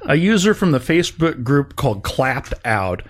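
Animated male car-show co-host. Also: moderate pace. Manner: animated, jokey, swings into high excited tones. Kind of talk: casual car news chat.

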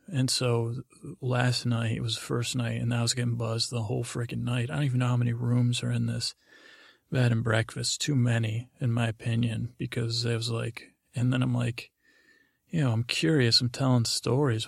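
A man hosting a podcast, telling a meandering story in a halting way, with frequent restarts and fillers. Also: mid-range voice, completely flat delivery, vocal fry, no room sound, studio quality. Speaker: podcast host. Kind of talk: rambling storytelling monologue.

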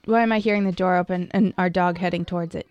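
A woman's voice: lowish voice, steady tone, fast talker, darkish tone, no echo, muffled recording. A woman co-hosting a podcast in casual banter, self-deprecating and often laughing. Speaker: podcast co-host.

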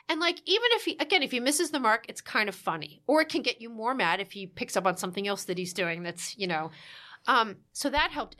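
A woman chatting casually on a podcast, telling a lively story with quick asides and acting out quoted lines. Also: a little high. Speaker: guest telling a marriage story.

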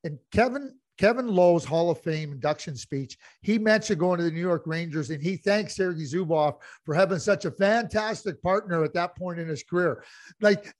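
A middle-aged man talks hockey on a podcast, circling back and restarting his sentences as he tells his stories. His voice sits a little high. The sound is dry and close, with no room around it. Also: no echo. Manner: rambling, many restarts, tells anecdotes. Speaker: podcast co-host. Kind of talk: casual hockey chat.

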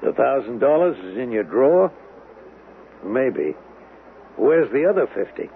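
A pressing, probing police lieutenant in a 1970s radio play, with a lively voice. The recording is a thin, narrow old broadcast with a faint hiss. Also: male voice, medium pitch, unhurried, vocal fry. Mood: stern. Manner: pressing, interrogating. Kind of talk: 1970s radio drama acting.

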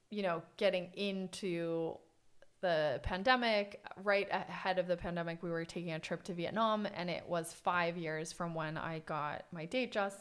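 A young adult woman guesting on a podcast, telling her stories in an animated, chatty way. She laughs often and acts out the lines of the people in them. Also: lowish voice. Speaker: podcast guest, watch collector. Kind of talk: casual conversation.

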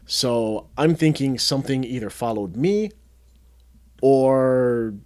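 A man co-hosting a podcast, telling a story in casual chat and acting out the quotes loudly. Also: mid-range voice, slow. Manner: animated, acts out quotes loudly. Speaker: podcast co-host.

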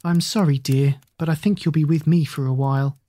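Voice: medium pitch, steady tone, fairly quick, dry recording, close to an everyday voice. A reader voicing a kindly eccentric aunt. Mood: gentle. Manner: gentle and reassuring. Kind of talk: storybook character voice.

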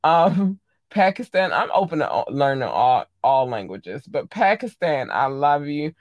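A woman's voice: low voice, unhurried, no room sound, lo-fi sound. A woman hosting a casual solo podcast, chatty and gushing. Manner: animated, gushing, playful shout-outs. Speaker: podcast host.

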